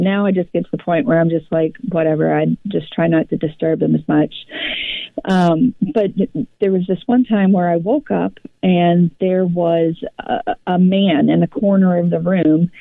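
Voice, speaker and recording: Brief: female co-host, gravelly voice, animated rambling storyteller, dry thin phone-quality sound. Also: lowish voice, no room sound. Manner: animated, rambling retelling with many restarts. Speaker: podcast co-host. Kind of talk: casual personal storytelling.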